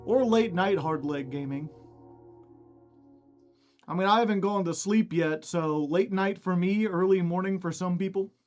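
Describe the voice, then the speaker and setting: Young male streamer, winded, unhurried chatty delivery, high voice, faint music underneath. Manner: chatty, reading out chat names. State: out of breath. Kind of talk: casual stream chat greeting viewers.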